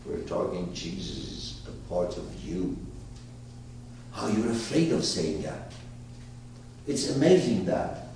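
A man whose first language is Persian, teaching a class in an emphatic, animated way that swings from loud to hushed, recorded from a distance in an echoey room. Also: low voice, takes it slowly, long pauses, a little hiss or hum. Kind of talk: lecturing a class.

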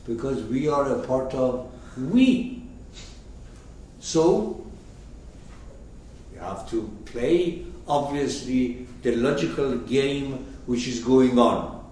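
A man explaining a story in a slow, very lively lecture voice, often checking in with his listeners. He is recorded from a distance in a strongly echoing room, with faint background noise. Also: medium pitch. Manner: rhetorical questions, checking in with listeners. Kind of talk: lecture commentary. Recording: echoey room, mic far off.

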